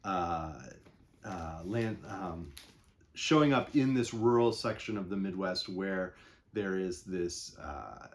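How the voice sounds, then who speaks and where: A man talking through a novel in a casual, unscripted way, rambling and thinking aloud with frequent pauses. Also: low voice, expressive. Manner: conversational, unscripted. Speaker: book reviewer. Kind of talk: casual book discussion.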